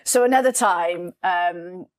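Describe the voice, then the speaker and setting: A woman hosting a podcast, telling stories in a lively, casual way with swearing and lots of fillers. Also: lowish voice, slow. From Wales. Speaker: podcast host. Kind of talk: casual storytelling chat.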